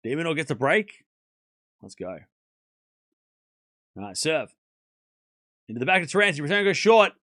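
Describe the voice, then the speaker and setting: A man streaming live play-by-play commentary of a tennis match, calling each shot and reacting loudly to big points. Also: a little high, moderate pace, pauses often, no echo, clean studio sound. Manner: excitable, animated, calls each shot. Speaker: watchalong commentator.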